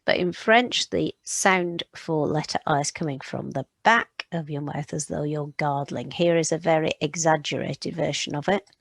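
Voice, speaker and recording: A woman's voice: deep voice, normal speed, vocal fry, no room sound. A woman patiently teaching French phonics to children, modelling each sound aloud. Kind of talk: recorded phonics lesson for children.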